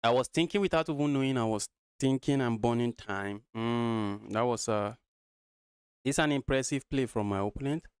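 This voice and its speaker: A man's voice: mid-range voice, moderate pace, smooth, no echo. Man from Nigeria muttering chess lines. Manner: thinks aloud, muttering lines of play, often addresses viewers as guys. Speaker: chess streamer. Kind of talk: live-streamed chess commentary.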